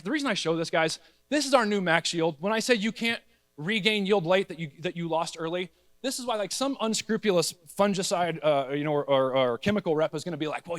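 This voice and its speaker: A man giving an energetic, conversational presentation to a room of growers, talking straight to the crowd. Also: high voice, no echo. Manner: energetic, conversational, addresses audience as guys, acts out the plant's voice. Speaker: agronomy speaker at a grower meeting. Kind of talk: conference presentation.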